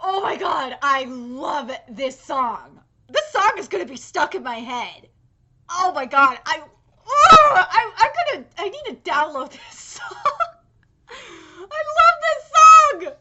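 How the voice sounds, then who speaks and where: A young woman giving excited live reaction commentary on an anime episode, gushing and swearing freely with squealing outbursts. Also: high-pitched, a little slow.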